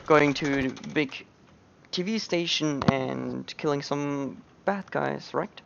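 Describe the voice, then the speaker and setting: A man's voice: fairly high pitch, takes it slowly, gravelly, highs cut off, slight background noise. A man giving casual, joking commentary on a speedrun into a headset. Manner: relaxed, joking asides.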